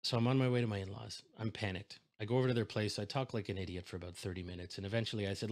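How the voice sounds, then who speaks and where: A man on stage telling a story with lots of energy, jumping between characters and pitching his voice up to act out each side of a conversation. His voice sits in the middle range for a man. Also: quick pace. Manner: animated storyteller, acts out both sides of phone calls. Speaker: keynote speaker. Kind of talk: storytelling keynote speech.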